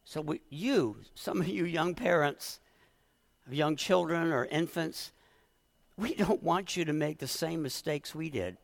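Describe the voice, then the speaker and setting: A man's voice: a little high, measured pace, vocal fry, long reverb tail. A middle-aged man preaching a sermon as pastor, earnest and emotional, often restarting his words.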